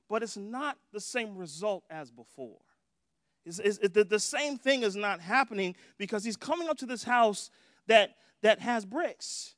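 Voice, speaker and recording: A man preaches in a loose, conversational style, often pausing to ask "right?". His voice sits high for a man, and the recording is dry and close. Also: lively intonation, a bit bright, dry recording. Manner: conversational, playful, keeps asking "right?". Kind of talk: sermon.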